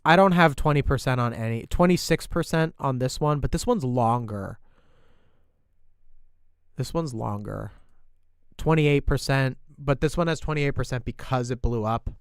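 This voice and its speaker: A man with a slight New York accent rambles through casual stream commentary, thinking aloud and restarting his sentences. His voice is smooth and clear, and the sound is close and dry. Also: mid-range voice, normal speed, dry recording. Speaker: YouTuber reviewing creator posts on stream.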